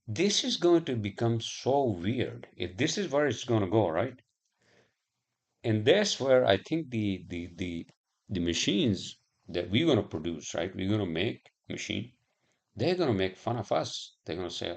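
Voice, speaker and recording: A man's voice: fairly low pitch, very animated, unhurried, vocal fry. A man rambling in a casual monologue, swearing often and musing aloud with lots of fillers.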